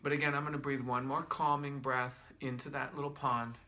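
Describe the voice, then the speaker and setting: A middle-aged man leading a guided breathing demonstration as a wellness instructor, talking gently and repetitively, thinking aloud with restarts, his eyes tearing up. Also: medium pitch, level tone, fairly quick.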